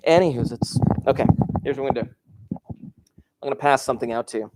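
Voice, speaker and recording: A man's voice: medium pitch, quick pace, long pauses, very noisy. A male teacher giving a casual, digressive lesson to his class, telling stories and asking the students questions, recorded in a classroom while he moves about the room. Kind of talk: classroom lecture, storytelling.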